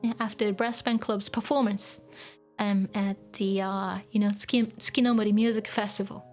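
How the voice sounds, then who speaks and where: A woman's voice: medium pitch, fairly even intonation, moderate pace, darkish tone, soft background music. A woman teaching Japanese in a casual lesson, chatting loosely between English and Japanese with many fillers and small laughs.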